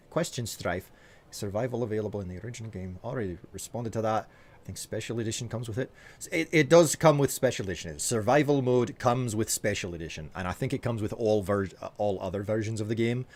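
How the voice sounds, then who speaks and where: A man's voice: fairly low pitch, brisk, a little mellow. A man with a Scottish accent, chatting as a streamer, reading and answering viewer messages with hesitant fillers. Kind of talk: live stream chat while gaming.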